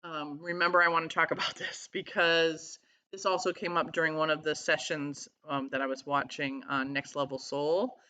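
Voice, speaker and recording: A woman talking in a casual vlog, earnest and halting as she searches for words. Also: deep voice, level tone, bright, forceful tone. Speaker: vlogger. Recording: slightly dull lo-fi sound.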